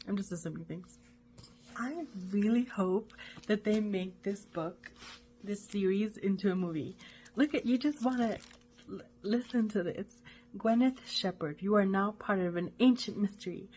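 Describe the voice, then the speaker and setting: A woman talks through a book in a loose, rambling way, thinking aloud as she goes. Her voice sits at a middle pitch and her tone is eager. A faint hum runs under the recording. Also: a little mellow. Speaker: book club host. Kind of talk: casual book discussion.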